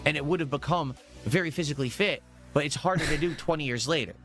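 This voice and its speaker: Guy in his 40s ranting fast and defensive, bright tense voice, a bit of music faint behind him. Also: fairly high pitch. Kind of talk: ranting gaming commentary.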